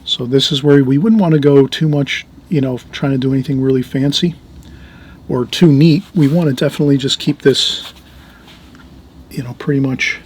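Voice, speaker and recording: A middle-aged man giving an easygoing oil painting lesson, talking while he works and often trailing off softly. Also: medium pitch, normal speed, breathy edge. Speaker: painting instructor. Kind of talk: relaxed painting tutorial.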